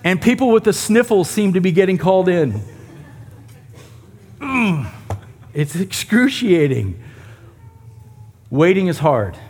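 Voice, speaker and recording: A man's voice: high-pitched, very animated, a little fast, hardly any pauses, darkish tone. A man preaching a sermon and teaching a Bible passage in a conversational way, with asides to the congregation. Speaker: pastor.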